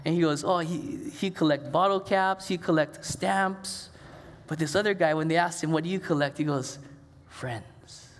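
Speaking at a moderate pace in a steady tone, a middle-aged pastor preaches in a relaxed, anecdotal style packed with offhand asides. His voice sits fairly high for a man, and the church sanctuary adds a long, trailing reverb.

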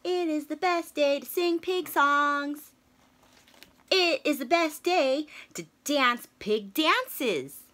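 Woman doing a squealing, excited little pig. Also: sits high, slow pace, voice pushed up, exaggerated voice. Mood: cheerful. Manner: squealing oinks, eager and exclaiming. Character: cheerful little female pig, bubbly and excited. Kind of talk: children's storybook read-aloud.

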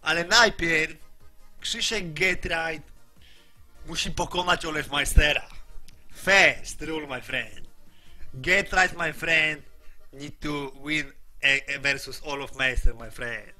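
A young man with a Polish accent, a streamer chatting casually in broken English, forever tagging his lines with "my friend" and swinging between mumbled asides and loud outbursts. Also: a little high, unhurried, soft background music.

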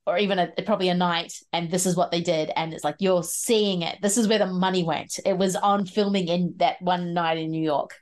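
A woman's voice: fairly low pitch, fairly even intonation, fairly quick, hardly any pauses, darkish tone. A woman hosts a casual podcast chat from a video call. She talks freely and often breaks into laughter. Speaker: podcast host.

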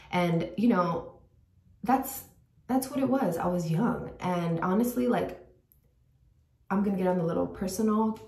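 Sharing a personal story with her viewers, this young vlogger chats casually, drops to a whisper now and then, and leans heavily on "like." Her pitch is fairly low with a slightly mellow quality. The mic sits far from her in a home bathroom, so the room echoes.

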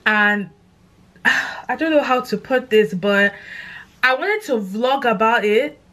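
A young woman with a London accent, chatting excitedly to camera in a casual vlog, gushing and animated. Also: on the high side, slow. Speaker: content creator.

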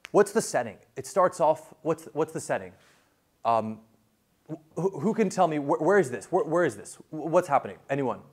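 A man's voice: a little high, moderate pace, husky. Man giving a chatty lecture. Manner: animated, lots of fillers and restarts. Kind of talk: casual classroom lecture.

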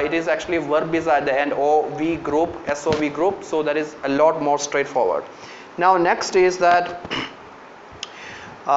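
A man with an Indian English accent lectures a classroom in a high voice, drawing students in with frequent fillers and questions. The sound is lo-fi and roomy, with a faint hiss behind it. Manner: coaxing, calls on students, many fillers. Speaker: university lecturer teaching Japanese. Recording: echoey lo-fi classroom recording.

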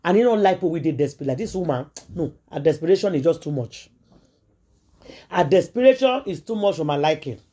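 A woman's voice: sits low, lively intonation, brisk, dark tone, slightly rough. A Nigerian woman hosting a gossip vlog, talking in an emphatic, repetitive, preachy way and mixing in Pidgin. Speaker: gossip vlogger. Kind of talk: casual celebrity gossip commentary.

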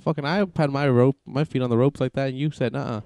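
A young man commentating his own wrestling video game, excitable and joking, swearing often. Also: medium pitch, quick pace, no room sound. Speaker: gaming channel host. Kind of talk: casual gameplay commentary.

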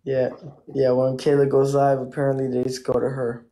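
A man with a gravelly, mellow voice talks loosely on a live stream. He thanks his viewers one by one for their gifts and eggs the chat on to keep them coming. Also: mid-range voice, completely flat delivery, normal speed. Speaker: livestreamer. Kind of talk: casual live-stream chatter.

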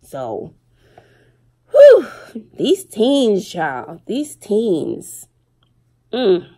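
A middle-aged woman and mother chatting casually to her viewers, telling stories with slang and animated retellings. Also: mid-range voice, moderate pace, creaky. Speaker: vlogger and single mother. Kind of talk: casual chat to camera.

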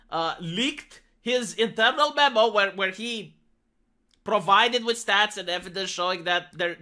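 Animated sarcastic woman ranting. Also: on the high side. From Romania. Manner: sarcastic, exclamatory, swearing. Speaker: commentary vlogger. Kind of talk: ranting commentary.

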